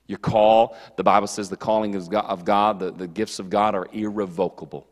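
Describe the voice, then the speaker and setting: A man preaching a casual, animated youth sermon in a church, joking and slipping into quick character voices. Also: lowish voice. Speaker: youth pastor. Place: church hall. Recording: long hall reverb.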